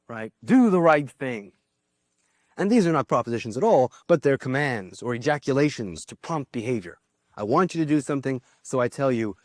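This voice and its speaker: A man's voice: medium pitch, no echo, clean studio sound. A man giving a philosophy lecture to a class, thinking aloud with small restarts and asides.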